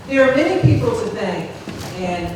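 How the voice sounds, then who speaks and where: A woman organizing a community gathering, making unhurried announcements to the audience with frequent pauses and fillers. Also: fairly high pitch, expressive, background noise. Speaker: event organizer and emcee. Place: large hall at a community gathering. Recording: echoey hall from far off with crowd.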